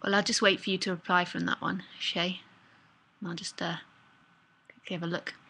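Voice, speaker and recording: A woman's voice: lowish voice, level tone, moderate pace, vocal fry, bright, forceful tone, slightly rough. A woman with an English accent, a spiritual teacher casually reading and answering listener questions, thinking aloud with rhetorical questions. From England. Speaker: spiritual teacher hosting live talks.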